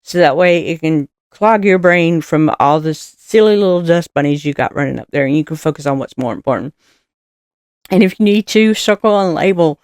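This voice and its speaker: A woman's voice: sits low, normal speed, a little mellow, no echo, studio quality. A woman giving casual motivational talk as a vlogger, chatty and rambling with fillers, earnest and encouraging. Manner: encouraging and earnest, laughing at herself.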